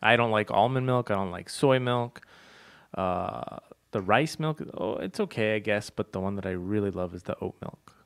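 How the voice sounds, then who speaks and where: Low, creaky man in casual chat. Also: normal speed. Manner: laid-back, opinionated, laughs often. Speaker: podcast co-host.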